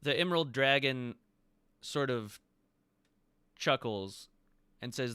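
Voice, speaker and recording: A man narrating as game master of a tabletop game, relaxed and descriptive with quick asides. His voice is bright and notably clean, and the recording is close and dry. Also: medium pitch, clean tone, no echo.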